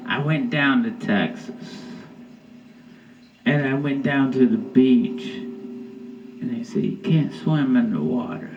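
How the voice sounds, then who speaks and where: A man's voice: medium pitch, far from the mic, dull audio. A man doing a stand-up comedy set, telling rambling, profane stories.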